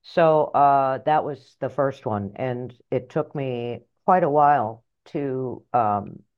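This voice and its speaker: A middle-aged woman author and life coach telling her story in an interview, animated and blunt, acting out voices in her head. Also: extremely low pitch, takes it slowly, muffled recording. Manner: animated, acts out inner voices, earthy phrasing.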